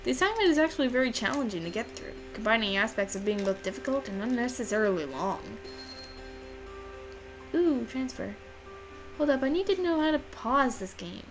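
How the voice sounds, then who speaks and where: A young woman hosting a let's play, reading the game's lines aloud and chatting in an animated, giggly way. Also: on the high side, low-quality recording. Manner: animated, giggly, drawn-out sign-off. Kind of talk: reading game text aloud and casual commentary. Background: game music.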